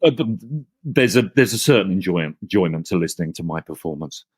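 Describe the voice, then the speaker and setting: Low-voiced man, chatty guest. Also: lively intonation, fairly quick, husky, dry recording. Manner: chatty, self-deprecating, restarts phrases. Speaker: actor guest. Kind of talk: casual interview chat.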